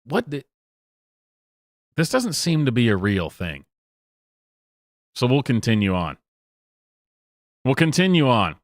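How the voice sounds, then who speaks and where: Male streamer host, rambling and mocking, animated delivery, dry close-mic sound. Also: medium pitch, slow pace, long pauses, no echo. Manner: rambling, mocking, with frequent laughs and filler. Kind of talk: casual live-stream commentary.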